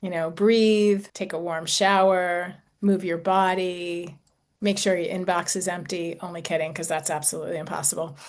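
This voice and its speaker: A woman in her sixties, an intimacy coach talking gently and reflectively to a group, with casual fillers. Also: fairly low pitch, steady tone, normal speed. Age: 60s. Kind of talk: talk to a group.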